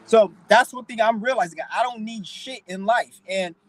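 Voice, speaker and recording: A man's voice: high-pitched, normal speed, no echo, low-quality recording. A young man hosting his own channel, ranting bluntly and profanely in a preachy, emotional way. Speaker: channel host. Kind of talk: casual vlog rant.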